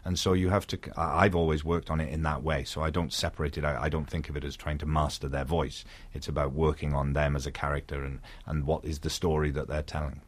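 Deep-voiced Welsh actor, hesitant. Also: male voice, little pitch movement, quick pace. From Wales. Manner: thoughtful, hesitant with frequent restarts. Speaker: actor, interview guest. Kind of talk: reflective interview conversation.

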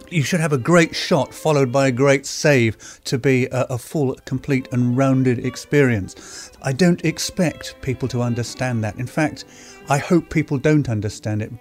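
A man talking reflectively in an interview, pausing often with fillers as he thinks aloud. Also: mid-range voice, a little mellow. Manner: thoughtful, halting with many fillers. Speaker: author interviewed about goalkeeping.

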